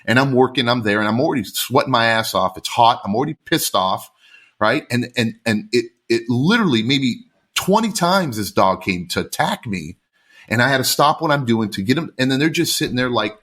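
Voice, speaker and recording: A man who runs a pool service business, a podcast guest telling stories in an animated, frank and heated way. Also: mid-range voice, a little fast. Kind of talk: casual podcast chat.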